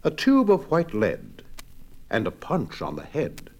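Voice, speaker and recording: A man reading limericks aloud in a lively sing-song recitation. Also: a little high, unhurried, vocal fry. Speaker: poetry reader.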